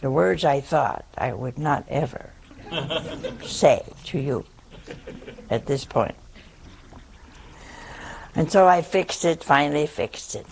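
A woman's voice: deep voice, lively intonation, slow, vocal fry, long pauses, darkish tone, a little hiss or hum. An older woman, a nun, telling a humorous folksy story to an audience. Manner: humorous, folksy anecdote with laughs. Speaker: nun giving a talk.

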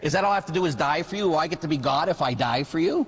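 Animated priest preaching in an echoey hall. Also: male voice, a little high, fast talker, hardly any pauses, slightly rough. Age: middle-aged. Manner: animated storytelling with mimicked voices. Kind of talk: sermon.

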